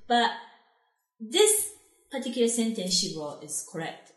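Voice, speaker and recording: A woman's voice: on the high side, wildly swooping pitch, a little slow, long pauses, reverberant. A Japanese woman co-hosting a casual language lesson, speaking slightly broken English and laughing often. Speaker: co-host teaching Japanese.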